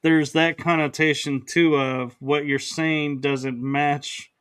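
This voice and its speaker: A man's voice: fairly high pitch, level tone, takes it slowly, a bit bright, clean tone, dry recording. A man hosting a podcast in casual conversation, speaking hesitantly with frequent restarts and acting out quoted remarks. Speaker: podcast host.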